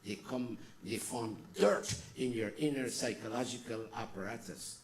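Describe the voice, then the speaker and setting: A man giving a devotional sermon as a spiritual teacher, swinging between loud exhortation and soft, slow murmurs. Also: medium pitch.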